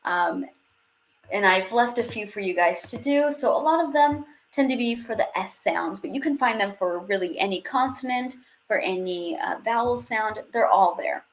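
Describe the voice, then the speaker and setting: A young woman with a fairly high-pitched voice and lively intonation teaches a live online language class at normal speed, over a webcam or headset with a little hiss or hum. She is chatty, laughs often, and drops French phrases into her English.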